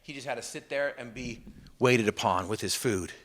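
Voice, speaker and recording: A motivational speaker addresses an audience with a personal story built on repeated refrains, swinging from loud emphatic bursts to hushed lines. His voice is mid-range, at normal speed.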